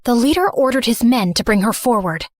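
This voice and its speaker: A woman's voice: on the high side, lively intonation, fairly quick, dry recording, clean studio sound. A woman narrating a dramatic first-person story in an earnest storytelling manner.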